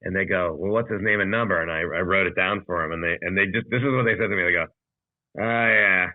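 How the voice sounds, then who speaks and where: Comedian co-host, male, lowish voice, rambling profane storyteller, thin phone-like call audio, dry. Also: fast, dry recording. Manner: profane, rambling anecdote with acted quotes. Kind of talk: casual storytelling. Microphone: video call.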